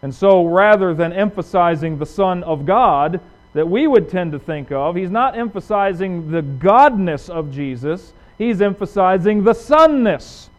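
A male pastor preaching a sermon, asking rhetorical questions and swinging from loud emphasis to hushed lines. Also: high-pitched, animated, a little slow, soft background music. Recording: dull lo-fi recording.

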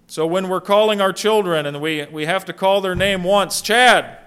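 A man's voice: high-pitched, normal speed, smooth. A middle-aged man preaching a sermon as pastor, emphatic, asking rhetorical questions of the congregation.

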